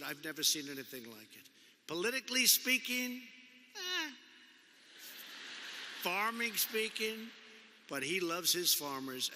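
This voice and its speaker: A man's voice: fairly high pitch, bright, forceful tone, slight background noise. A man giving an off-the-cuff political speech as president, rambling and repeating himself with conversational asides. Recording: long echo of a big hall.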